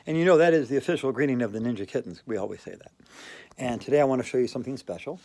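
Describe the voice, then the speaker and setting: A woman's voice: very deep voice, rapid-fire, dark tone, slight background noise. A woman hosting a playful yoga routine, giggling and laughing through the poses. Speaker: yoga video host.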